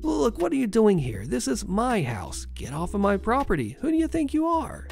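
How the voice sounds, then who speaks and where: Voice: mid-range voice, wildly swooping pitch, moderate pace, creaky, a little mellow, faint music behind, pitched above the performer's own voice. A storyteller voicing an angry ex-army father defending his home, who speaks in an indignant, demanding way.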